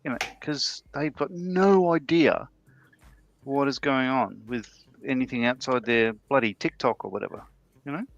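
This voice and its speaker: A man's voice: medium pitch, vocal fry, no room sound. Rambling man on a dull mic. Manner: rambling, halting, with frequent restarts and laughs. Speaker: livestream co-host. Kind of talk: casual chat while building models.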